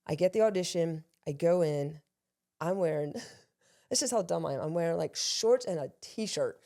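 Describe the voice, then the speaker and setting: A middle-aged woman from Maryland, a guest on an interview show, telling lively self-deprecating stories about her career. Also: lowish voice, moderate pace, creaky. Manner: lively, self-deprecating storyteller who acts out quotes. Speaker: guest, actor and law enforcement veteran. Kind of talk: casual storytelling interview.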